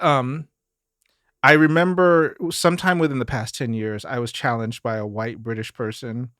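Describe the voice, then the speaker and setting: A man from Mississippi talking casually as a podcast guest, mid-pitched and lively, slipping into quoted voices as he tells stories. The sound is dry and close, with no room around him. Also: dry recording. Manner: animated storyteller, acts out quoted voices. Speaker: guest singer.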